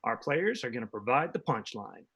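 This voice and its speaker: A man's voice: medium pitch, very animated, moderate pace, fairly bright tone, slightly rough, highs cut off. A man hosting an improv comedy show from home over a video call, explaining game rules upbeat.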